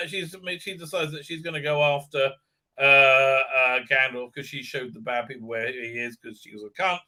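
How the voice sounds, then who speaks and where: A man hosting a live stream, recapping an episode in a rambling, profane rant, stammering through fillers and mocking the characters in quick put-on voices. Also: medium pitch, steady tone, sharp tone.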